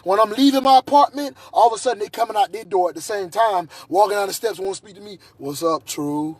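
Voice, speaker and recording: Man, high husky voice, heated ranting monologue with restarts. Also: quick pace, a little mellow, no echo. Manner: agitated, repetitive, restarts often. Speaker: vlogger.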